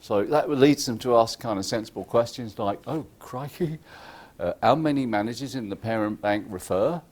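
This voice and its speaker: A man giving a lively, irreverent conference talk, joking with the audience and acting out what clients say. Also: on the low side, fairly quick. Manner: acts out clients' lines in quoted voices. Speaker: conference speaker. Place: conference hall.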